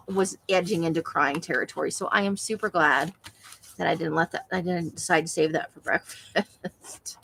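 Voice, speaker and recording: A woman's voice: medium pitch, a bit bright, rough recording. Chatty woman crafting at home. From Nevada. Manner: chatty, laughs often, talks to viewers. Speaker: craft livestream host. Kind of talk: casual chat while crafting.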